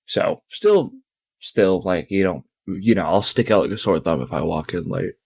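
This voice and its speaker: A man's voice: low voice, moderate pace, creaky, a little mellow, slightly rough. Tired young man rambling on a podcast. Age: young adult. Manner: tired, rambling storytelling with heavy swearing. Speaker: podcast co-host. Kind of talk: casual podcast chat.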